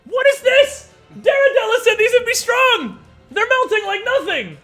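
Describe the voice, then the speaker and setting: A man's voice: wildly swooping pitch, moderate pace, faint music behind, exaggerated voice. A man doing a shrieking panicked cultist. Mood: indignant. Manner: shrill yelling. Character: panicked male cultist enemy.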